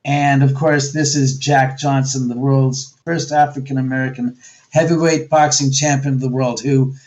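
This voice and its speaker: A man's voice: normal speed, muffled recording. A man being interviewed as a guest author, telling stories casually and acting out quotes with sudden jumps in his voice, speaking over a video call. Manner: animated, acts out quotes with jumps in pitch.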